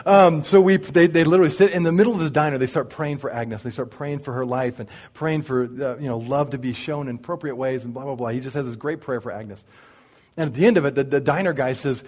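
Husky-voiced man preaching a sermon. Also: mid-range voice, fast talker. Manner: animated storyteller speaking straight to the congregation. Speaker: pastor. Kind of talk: sermon storytelling.

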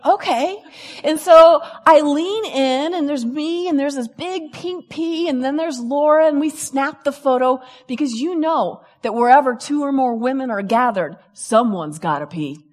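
A woman, a lively storyteller who acts out the people she quotes, telling a personal story to an audience. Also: sits high, measured pace, long reverb tail. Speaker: speaker. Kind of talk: storytelling talk.

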